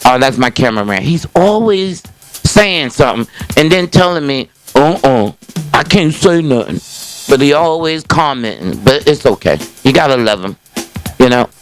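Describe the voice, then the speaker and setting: An older man hosts a small call-in talk show, speaking casually and folksily straight to camera. His voice sits at an ordinary middle pitch, and he rambles with frequent restarts and "you know"s. Faint music hums somewhere underneath. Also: sing-song, normal speed. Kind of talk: casual rambling monologue to viewers. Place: small indoor set filmed by a cameraman.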